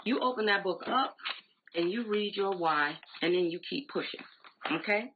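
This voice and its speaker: A woman's voice: mid-range voice, animated, moderate pace, noisy background. Emphatic woman on a tinny live stream. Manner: emphatic, repetitive, conversational. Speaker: direct sales team leader. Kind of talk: motivational live-stream talk. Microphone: phone or laptop live stream. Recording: tinny phone-like audio.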